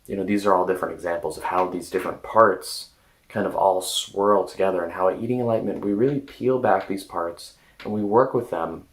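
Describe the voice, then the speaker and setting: Gentle man coaching in a very deep voice. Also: low-quality recording. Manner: gentle, hesitant, with many fillers and restarts. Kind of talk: casual self-help talk.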